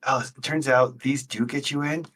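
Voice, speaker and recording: A man playing a tabletop game and speaking partly in character. His voice sits at a middle pitch, and his delivery is dry and wry. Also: steady tone, normal speed, fairly bright tone, slight background noise. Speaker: player. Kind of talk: casual tabletop game play.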